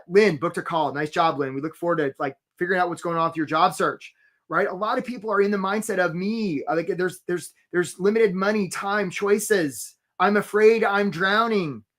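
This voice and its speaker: A man, a career coach, hosting a live webinar in an energetic, chatty way and calling out attendees by name. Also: sits high.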